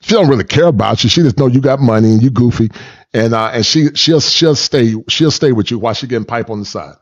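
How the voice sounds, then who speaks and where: A man's voice: medium pitch, quick pace, highs cut off. A man hosting a reaction commentary, preachy and repetitive, mocking the people he reacts to. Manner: preachy, repeats words, mocking impressions. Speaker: commentary channel host reacting to clips.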